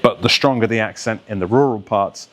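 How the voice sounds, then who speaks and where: A man with a fairly low voice teaches about voice and accent as a coach. He explains patiently and in an instructive way. Now and then he slips into short imitations of other accents to show what he means. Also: fairly quick, fairly bright tone. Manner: instructive, illustrates points by mimicking accents.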